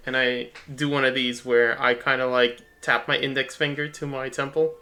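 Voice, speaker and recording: A man's voice: medium pitch, little pitch movement, normal speed, few pauses, bright, forceful tone, faint music behind. A man playing his character in a tabletop game, playful and joking. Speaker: player. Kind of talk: casual tabletop play.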